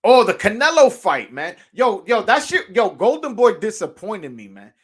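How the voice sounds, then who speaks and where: A man's voice: high voice, big pitch swings, moderate pace, a bit bright, husky. A man hosting a call-in boxing show, talking casually and animatedly, cursing freely, laughing and restarting often. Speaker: podcast host.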